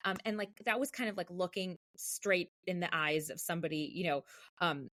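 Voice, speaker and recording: A woman cantor in an interview, telling her story in a lively way and acting out the people she quotes. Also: on the low side, a little fast. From United States. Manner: animated, acts out quoted voices.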